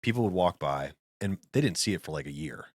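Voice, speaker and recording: A low-pitched man tells a story in a rapid stream of casual chat, blunt and peppered with swearing. His voice sits close and dry, with no room sound around it. He rambles from point to point like a podcast guest. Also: lively intonation, no room sound.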